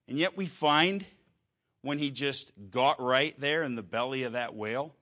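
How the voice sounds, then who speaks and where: A man preaching a sermon, telling a story with halting restarts and wry humor. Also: medium pitch, sharp tone.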